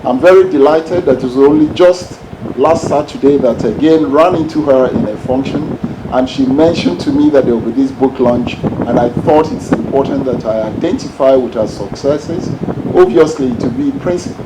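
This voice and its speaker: A man's voice: medium pitch, moderate pace. An older man gives an earnest, storytelling tribute speech as a guest at a book launch. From Nigeria. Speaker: guest speaker. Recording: background noise.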